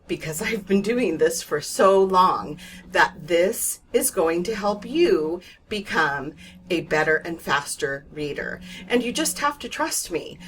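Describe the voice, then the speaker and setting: A woman's voice: on the low side, fairly bright tone, slight background noise. A woman teaching reading in a patient, reassuring way, explaining sounds step by step and demonstrating them. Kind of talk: instructional video lesson.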